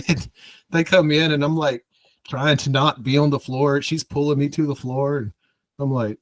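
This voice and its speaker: A man's voice: fairly high pitch, fairly even intonation, normal speed, no room sound. A man from the American South, a podcast co-host, telling a rambling, self-mocking story in casual chat and acting out the dialogue.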